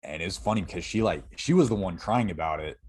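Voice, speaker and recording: A young man with a notably deep, low voice talks as an interview guest. He tells a personal story in a candid, halting way, stopping and restarting and leaning on fillers. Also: animated, darkish tone, slightly rough. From Florida. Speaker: podcast guest.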